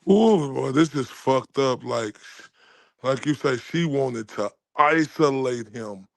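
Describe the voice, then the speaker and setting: Male streamer, gravelly, blunt profane commentary, dry close mic. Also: mid-range voice, lively intonation, dry recording. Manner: blunt, profane, drawn-out remarks. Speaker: streamer reacting to a clip. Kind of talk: casual reaction commentary.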